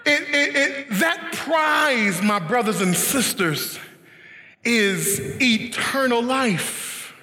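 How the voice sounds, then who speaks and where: A man preaches in a very high, animated voice, emphatic and often rising to shouts. He speaks slowly, with a bright, forceful tone. His voice rings through a roomy church hall with a long echo. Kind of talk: sermon.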